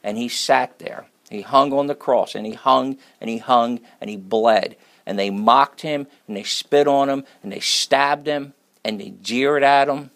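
A man preaching a sermon, moving between loud, emphatic scripture reading and hushed, near-whispered lines, with repetitive rhythmic lists. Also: medium pitch, a little slow.

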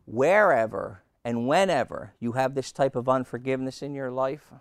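Man preaching, gravelly voice, dry close sound, chatty storytelling sermon, repeats his points. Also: medium pitch, normal speed, no room sound. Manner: conversational storytelling with rhetorical questions; humorous, repeats key lines. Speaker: pastor.

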